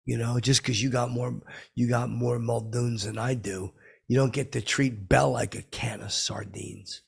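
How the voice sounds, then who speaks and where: A man doing a gravelly, rambling clueless hustler. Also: medium pitch, little pitch movement, unhurried, full character voice. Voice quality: gravelly, very raspy. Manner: rambling, repeats "I go" constantly. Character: dim, rambling male hustler, self-absorbed and clueless. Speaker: podcast host. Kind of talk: comedic character monologue.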